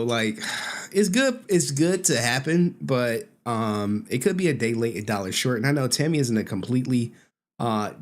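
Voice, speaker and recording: A man in his thirties giving blunt, profane, mocking commentary while he reacts to an interview clip. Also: medium pitch.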